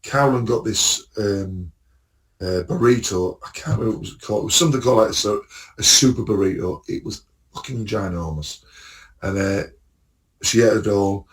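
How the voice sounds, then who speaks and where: A man's voice: lowish voice, moderate pace, distant mic. A man telling rambling travel stories in casual podcast chat, laughing at his own jokes. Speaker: podcast co-host.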